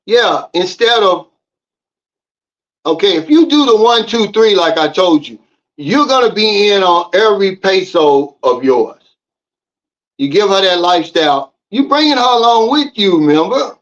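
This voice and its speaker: High-voiced man giving emphatic advice. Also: sing-song, a little slow, a bit bright. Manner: emphatic, preachy, talks straight to viewers. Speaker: vlogger. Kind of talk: casual advice monologue to camera. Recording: slightly dull lo-fi audio.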